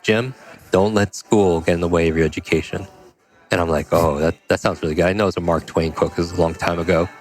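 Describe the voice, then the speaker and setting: A man telling a personal story as a podcast guest, energetic and acting out the dialogue. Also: low-pitched. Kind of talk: conversational storytelling.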